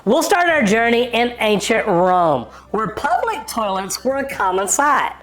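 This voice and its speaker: A woman's voice: a little high, a little slow, noisy background. A woman narrating a plumbing history video, shifting from scripted narration into jokey, conversational asides. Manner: jokey and conversational, very lively intonation. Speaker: narrator of a plumbing education channel.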